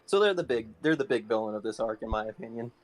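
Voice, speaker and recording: A man's voice: mid-range voice, animated, quick pace, faint music behind. A man co-hosting a podcast, chatting casually about anime in a laid-back way. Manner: laid-back, lots of "like" fillers. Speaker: podcast co-host.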